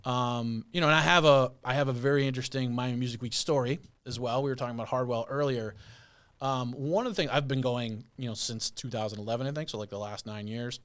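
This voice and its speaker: A man who manages music artists, telling stories in a casual podcast chat, animated and repeating himself. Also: medium pitch, fast, smooth. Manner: storytelling, animated with repeated phrases.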